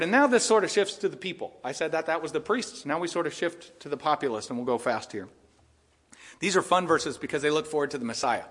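A pastor in a church sanctuary gives an animated sermon. His voice sits fairly high, and he laughs as he plays out the people's protests and God's answers. A long hall reverb trails every phrase. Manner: animated preaching, laughing at the text, acting out voices of people and God.

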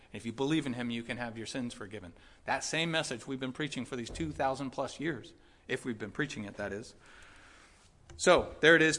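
Male pastor, forceful bright tone, somewhat high pitch; preaches emphatically, drops low and quiet for earnest points. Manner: emphatic, repeats points, animated swings from loud to quiet. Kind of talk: sermon.

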